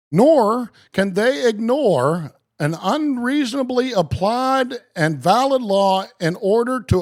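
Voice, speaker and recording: Animated, slow-talking male streamer. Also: extremely high pitch. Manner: animated, joking, talks to viewers by name; slow, emphatic reading of legal text. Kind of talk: live-stream chat and case-law reading.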